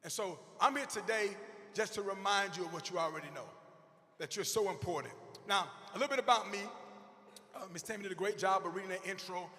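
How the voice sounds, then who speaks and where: Guy hyping up teachers, loud and animated, big hall echo all over. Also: sits high, brisk. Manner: animated, shouting punchlines, acting out characters. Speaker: motivational speaker. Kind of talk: comedic motivational speech to teachers.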